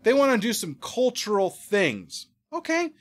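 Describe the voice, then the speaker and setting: A man with a high voice that swoops all over the place tells a story as a podcast guest. His delivery is animated and profane, and he keeps acting out other people's voices and his own past remarks. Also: a little slow. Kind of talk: casual storytelling.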